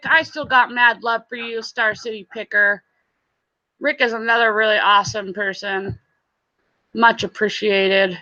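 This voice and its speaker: A woman's voice: medium pitch, steady tone, unhurried, long pauses, pushed and bright, muffled recording. A woman hosting a casual livestream, chatting with viewers and laughing often.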